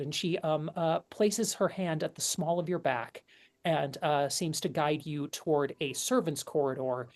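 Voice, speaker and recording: A woman narrating as game master of a tabletop role-play in a halting, unhurried way. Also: deep voice, a little mellow.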